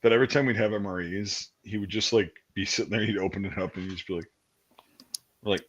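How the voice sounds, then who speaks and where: A man in his thirties hosting a casual chat, telling army stories with lots of swearing and laughter, and acting out shouted quotes. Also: low-pitched, steady tone, quick pace, slightly rough. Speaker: podcast host. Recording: dull lo-fi stream audio.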